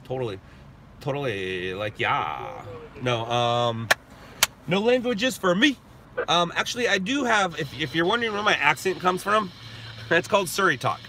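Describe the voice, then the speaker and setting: A man from Southern California, streaming live and chatting with viewers, talking slowly and carefully. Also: high-pitched, sing-song, background noise. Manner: slow, deliberate talk, reads and answers viewer chat. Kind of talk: casual live stream chat.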